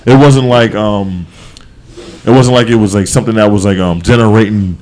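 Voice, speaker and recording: A man co-hosting a podcast, talking casually in a rambling, animated way with many restarts and fillers. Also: on the low side, normal speed. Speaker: podcast co-host. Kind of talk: casual chat.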